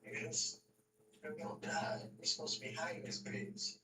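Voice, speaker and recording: A man chatting as a gaming teammate, quiet and offhand. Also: fairly high pitch, steady tone, normal speed, reverberant. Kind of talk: casual gaming chat. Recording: distant, noisy ambience.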